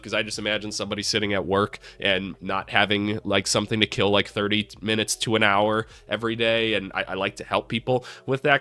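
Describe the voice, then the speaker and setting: A man who hosts a basketball channel, talking casually and jokingly about games in a hoarse, sick voice, cursing freely. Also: on the low side, bright, forceful tone. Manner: joking, profane, self-deprecating. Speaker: basketball commentary channel host. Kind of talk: casual sports commentary.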